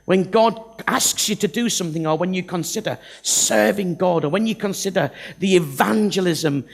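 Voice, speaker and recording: A visiting preacher from the north of England gives a church congregation a humorous, self-deprecating sermon, acting out Bible characters. His voice is high and creaky, and he speaks at normal speed.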